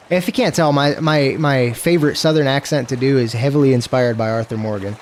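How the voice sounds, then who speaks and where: A man's voice: mid-range voice, fairly quick, hardly any pauses, a little hiss or hum. Man chattering casually over a game stream. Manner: loose, profane, self-mocking chatter. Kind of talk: casual gameplay commentary.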